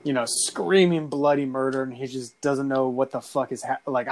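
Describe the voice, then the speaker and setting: A man's voice: medium pitch, steady tone, normal speed, a little hiss or hum. A man telling a story in casual chat, rambling with many fillers and swear words.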